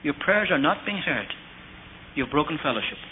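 A man's voice: fairly high pitch, very animated, moderate pace. A middle-aged man preaching a sermon, telling a personal story and asking rhetorical questions. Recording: tinny phone-like old tape with faint hiss.

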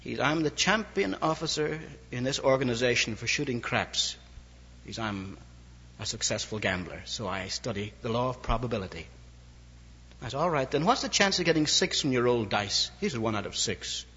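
In an old lo-fi recording made in a reverberant hall, a man preaches a sermon, telling anecdotes and acting out the dialogue of the people in them. His mid-range voice is expressive and pushed bright with a breathy edge, moving at normal speed.

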